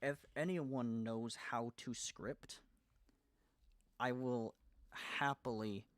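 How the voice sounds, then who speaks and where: A young man chats on a live stream from his computer, his voice at an ordinary middle pitch. He sounds nervous and excited, trips over his words and restarts his sentences often. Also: slow, no room sound. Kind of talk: casual live stream chat.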